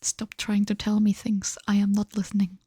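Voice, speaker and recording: A woman's voice: mid-range voice, monotone, normal speed, mellow, no echo, studio quality, lightly acted. A woman whispering as a stubborn house cat. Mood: haughty. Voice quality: breathy whisper. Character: stubborn female house cat refusing to listen.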